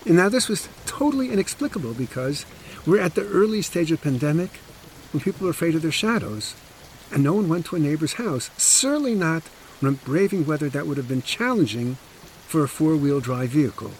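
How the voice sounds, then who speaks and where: A man's voice: on the high side, expressive, brisk, slight background noise. A man narrating a true story on a podcast, emphatic with wry asides, close to the mic.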